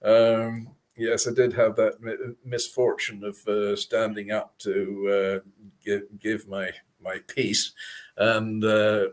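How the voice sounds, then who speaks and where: A man's voice: fairly low pitch, level tone, takes it slowly. A Scottish man telling chatty, self-deprecating stories as a guest on a video-call interview. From Scotland. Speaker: guest author and speaker. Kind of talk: casual interview chat.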